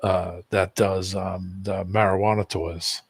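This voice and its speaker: A man in casual chat, relaxed, with brief replies. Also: low voice, takes it slowly, creaky, slightly rough, no room sound.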